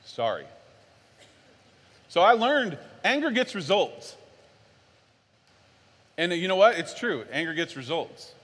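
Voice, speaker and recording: High-voiced preacher in a reverberant hall. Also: male voice, unhurried, pauses often. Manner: animated, swings from low and earnest to loud and worked-up. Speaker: pastor. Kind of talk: sermon.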